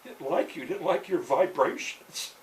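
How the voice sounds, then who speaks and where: A man putting on a shrill, excitable young girl. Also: moderate pace, natural voice, low-quality recording. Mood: earnest. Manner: high shouting, breathless urgency. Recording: voice set back from the mic, faint background hiss.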